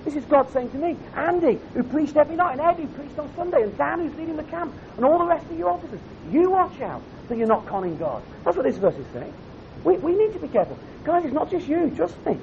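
A man preaching a sermon at a camp, earnest and direct, often putting questions to his audience. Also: a little mellow. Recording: dull lo-fi recording with faint rumble.

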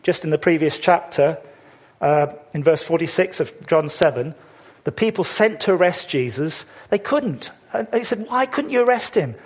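A man preaching a sermon, emphatic, with many rhetorical questions and words slowed for stress. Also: fairly high pitch, animated.

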